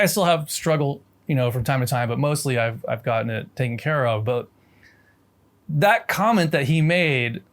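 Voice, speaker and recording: An American man telling a story as a language lesson, reflective and casual, with many restarts and fillers. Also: on the high side. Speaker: language teacher.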